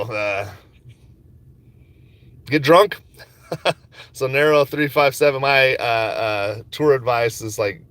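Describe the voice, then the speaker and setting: A man's voice: mid-range voice, pushed and bright. A man talking casually on a phone livestream about his stock picks, joking, swearing and laughing while he drives and waits in a coffee line. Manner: laid-back, joking, swears freely, laughs often. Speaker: stock market vlogger. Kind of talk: casual rambling livestream chat. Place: in a car and at a coffee shop.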